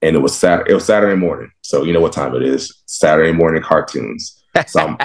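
A young man from Texas with a low, deep voice tells stories from his football life in a relaxed interview. He is animated, laughs often and acts out his younger self in his own words. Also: fairly quick, creaky. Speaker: guest, professional football linebacker. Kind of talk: casual interview storytelling.

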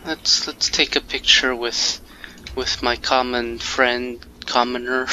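A man's voice: medium pitch, level tone, takes it slowly, sharp tone, slight background noise, low-quality recording. A man giving casual let's-play commentary, joking around and taunting the enemies on screen. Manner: playful, jokey, taunts game enemies. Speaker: gameplay commentator. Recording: game music under voice. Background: game music.

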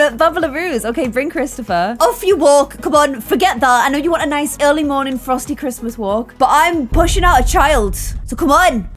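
A young Irish woman talks through her game in a lively, slightly high voice. She is chatty and playful and jumps into theatrical, shrieking panic. Faint game music plays underneath. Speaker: gaming YouTuber. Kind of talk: casual gameplay commentary.

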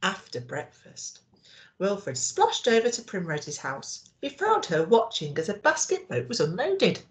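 A woman teacher reading a storybook aloud to young children, expressive and asking them questions. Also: medium pitch, a little slow.

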